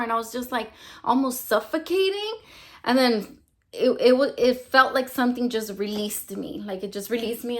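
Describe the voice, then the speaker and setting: Her voice is on the high side and a bit bright as this young vlogger talks through her personal faith testimony. The telling is loose and rambling, packed with "like" and "you know."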